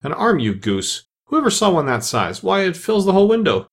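A man's voice: high-pitched, very animated, brisk, creaky, pitched above the performer's own voice, heavily acted. A man voicing a fussy, bossy male rabbit who scolds his servants impatiently, in a storybook reading. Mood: angry.

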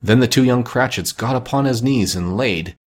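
A man narrating classic fiction as an audiobook, with measured, expressive storytelling. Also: medium pitch.

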